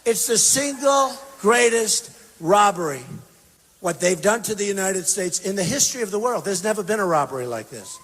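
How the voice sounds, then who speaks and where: A man giving a campaign rally speech, emphatic and repetitive, swinging between shouted bursts and quiet asides. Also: sits high, lively intonation, normal speed. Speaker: political candidate speaking at a rally. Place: large university venue. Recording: long reverb from a big hall.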